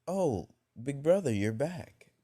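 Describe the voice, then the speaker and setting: A clingy, tearful little sister who begs and pleads, as a low-voiced man puts her on. He only nudges his deep voice upward, keeping the feel of a fan storyteller. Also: animated, a little slow, dark tone. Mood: pleading.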